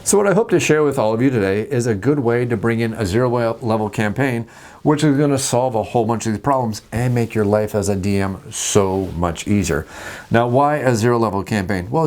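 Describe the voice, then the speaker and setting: A man hosting a casual talk about tabletop games, jokey and animated, acting out scenes at the table. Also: on the low side. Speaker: host.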